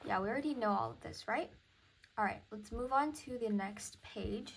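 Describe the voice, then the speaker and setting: A woman's voice: fairly high pitch, normal speed, a little hiss or hum. A young woman teaching music theory in a casual recorded lesson, thinking aloud and counting beats.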